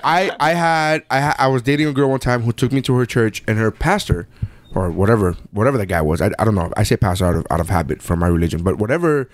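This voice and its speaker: A man's voice: lowish voice, animated, fast talker. A man telling funny stories in casual chat, swearing and mimicking voices for laughs.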